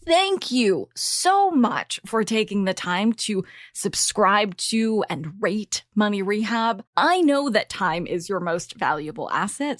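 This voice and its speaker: A woman's voice: medium pitch, no echo, clean studio sound. A woman hosting her own podcast, reading a scripted monologue in a candid, chatty way with playful slang. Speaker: podcast host.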